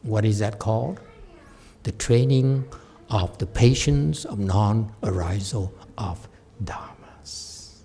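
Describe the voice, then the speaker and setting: A man's voice: on the low side, takes it slowly, vocal fry, slight background noise. A man giving a Buddhist dharma talk as a meditation teacher, telling a story with laughs and acted voices. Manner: animated storyteller, laughs often, acts out the voices.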